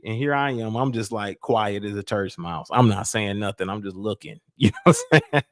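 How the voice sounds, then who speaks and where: A man, casually telling a personal story on a podcast in a lively, colloquial way. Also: on the low side, a little fast, no room sound, studio quality. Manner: animated, colloquial, acts out voices in quotes. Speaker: podcast host.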